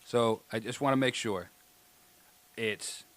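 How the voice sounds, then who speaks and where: A man's voice: mid-range voice, slow pace, no echo. A man co-hosting a casual podcast, playful and laughing at his own jokes. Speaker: podcast co-host.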